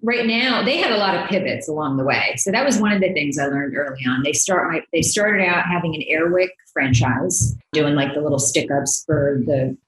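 A woman's voice: low-pitched, lively intonation, normal speed, hardly any pauses. Chatty woman guest in a roomy space. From New Jersey. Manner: chatty, laughs often, many fillers. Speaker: podcast guest, blogger. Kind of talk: casual interview chat.

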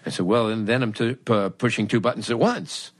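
A man's voice: on the low side, brisk. A middle-aged man hosting a podcast, telling a wry story about himself and acting out both sides of the conversation. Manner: wry, self-mocking. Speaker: podcast host. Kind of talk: storytelling monologue.

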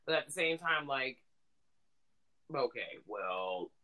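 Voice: medium pitch, expressive, slow, bright, forceful tone. A podcast co-host talking casually in a laid-back, joking, profane way. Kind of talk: casual chat.

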